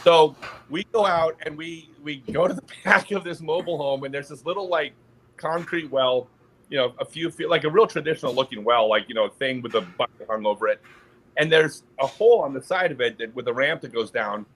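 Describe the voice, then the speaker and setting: With a somewhat high, breathy-edged voice, a man speaks fairly quickly as a podcast guest. He animatedly relates an anecdote in easygoing chat, laughing right in the middle of his sentences.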